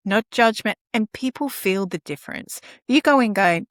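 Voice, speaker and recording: A young adult woman, speaking as a guest in an earnest, animated way and laughing often. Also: medium pitch, normal speed, hardly any pauses, dry recording, studio quality. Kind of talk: conversational storytelling.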